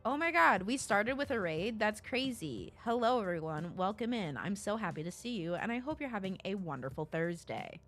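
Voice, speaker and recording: A woman's voice: moderate pace, few pauses, faint music behind. A young woman streaming live, chatting casually with her viewers and reading their messages aloud. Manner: animated, swings from low mumbles to shrieking laughs; reads chat aloud and jokes with viewers.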